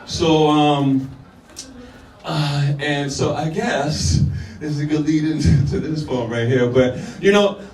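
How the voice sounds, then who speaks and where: Declaiming spoken word poet, echoey room. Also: male voice, fairly high pitch, slow pace, darkish tone, distant mic. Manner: declamatory, punchy delivery with crowd banter. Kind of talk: live spoken word performance with casual asides. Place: live venue with audience.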